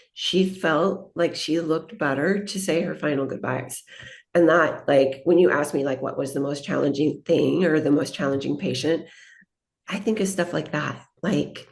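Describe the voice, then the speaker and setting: A woman's voice: sits low, darkish tone. A woman, an aesthetic nurse, speaking as a podcast guest and telling reflective, heartfelt stories about her patients. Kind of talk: podcast interview.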